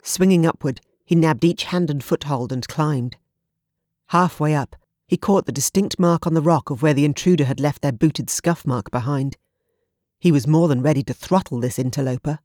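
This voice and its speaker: Dry, measured male audiobook narrator. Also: fairly high pitch, no echo. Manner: steady, measured storytelling.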